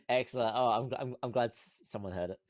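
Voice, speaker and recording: A man's voice: medium pitch, no room sound. A man who is a guest on a casual stream, joking, making puns and laughing along with the host. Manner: playful, punning, laughing. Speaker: VTuber guest.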